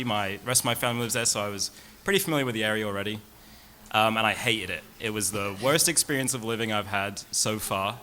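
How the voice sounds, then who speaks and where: A man's voice: on the low side, pushed and bright, a little hiss or hum. A young man with an English accent from Surrey, chatting as a guest with self-mocking humor. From England. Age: young adult. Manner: self-mocking, laughs while talking. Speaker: bartender guest. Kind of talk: casual interview chat.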